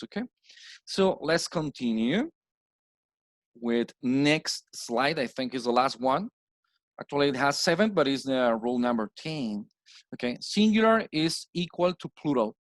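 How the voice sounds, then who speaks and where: A Colombian man whose first language is Spanish, teaching English plurals in a slow recorded slide lesson and repeating each word for drill. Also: medium pitch, no echo. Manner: repeats words slowly with stressed drills.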